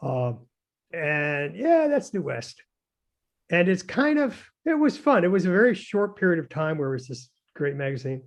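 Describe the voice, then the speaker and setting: A man's voice: on the high side, sing-song, moderate pace. An older man, a designer, chatting casually and telling anecdotes in a hesitant, rambling way with many fillers and chuckles. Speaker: guest, designer. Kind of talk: casual conversation.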